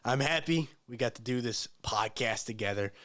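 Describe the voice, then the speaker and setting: A man's voice: mid-range voice, normal speed, fairly bright tone, no room sound. A man co-hosting a casual sports podcast, talking in a laid-back, teasing way and repeating phrases for effect. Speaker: podcast co-host.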